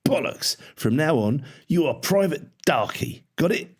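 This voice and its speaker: A man's voice: medium pitch, sing-song, moderate pace, a bit bright, husky, voice pushed up, exaggerated voice. A man voicing a harsh, bullying army drill sergeant who barks and sneers at his cadets. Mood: barking, contemptuous. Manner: barking, abusive and menacing.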